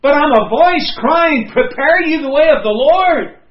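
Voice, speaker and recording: A preacher voicing a fervent, humble prophet. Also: male voice, very high-pitched, animated, a little slow, echoey room, highs cut off, pitched above the performer's own voice. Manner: fervent, emphatic. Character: humble male prophet, earnest and self-effacing.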